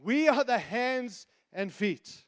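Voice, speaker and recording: A middle-aged man preaching a sermon, animated and teasing, moving between loud emphasis and hushed asides. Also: very high-pitched, slow pace. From outside the United States.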